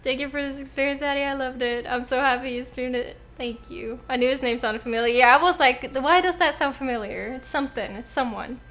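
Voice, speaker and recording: Bright, high-voiced woman streamer. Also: fairly even intonation, brisk, hardly any pauses, slight background noise. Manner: emotional, effusive, chats to viewers. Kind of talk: live gameplay stream commentary.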